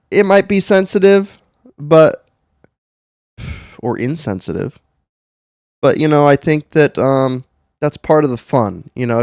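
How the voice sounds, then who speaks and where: A man co-hosting a casual podcast, making crude jokes and quick asides. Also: medium pitch, smooth, dry recording, studio quality. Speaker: podcast co-host.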